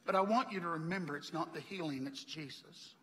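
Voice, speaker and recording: A man's voice: on the high side, a little fast, bright, forceful tone, big-room sound. A man preaching a sermon, a chatty storyteller who laughs often and acts out the people he quotes. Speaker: pastor. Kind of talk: sermon with personal stories. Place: church hall.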